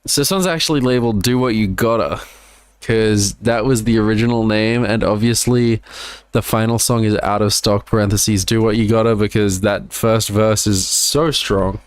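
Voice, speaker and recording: A man's voice: lowish voice, steady tone, moderate pace, clean tone, no room sound. A man with an Australian accent casually breaking down his own songs, rambling with lots of "like" and repeated words. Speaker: musician breaking down his album.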